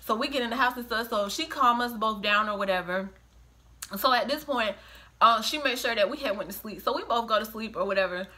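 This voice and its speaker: Woman, middle-aged, bright higher voice, lively casual storyteller who plays all the quotes. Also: brisk. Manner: animated, acts out quoted voices, breaks into laughter. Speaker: storyteller, the host's mother.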